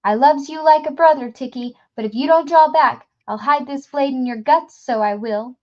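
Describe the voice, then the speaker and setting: A woman voicing a sneering male gang thug who pleads and threatens in a shrill voice. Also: normal speed, muffled recording. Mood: desperate.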